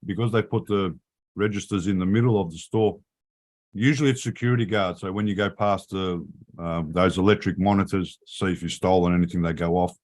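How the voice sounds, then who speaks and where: A man's voice: low-pitched, steady tone, a little fast, a little mellow. A man in casual chat, ranting mouthily with plenty of swearing. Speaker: live stream host.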